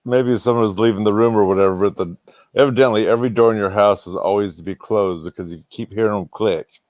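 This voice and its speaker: A man's voice: on the low side, fast, a little mellow, no echo. A man chatting casually on a livestream, teasing the host. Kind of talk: casual chat.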